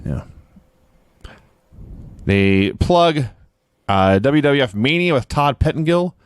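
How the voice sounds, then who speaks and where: A man chats on a podcast in a wry, sarcastic way. His voice is mid-pitched with a lively rise and fall. It is recorded close and dry. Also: slow, smooth, no room sound. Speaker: podcast co-host. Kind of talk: casual chat recapping wrestling.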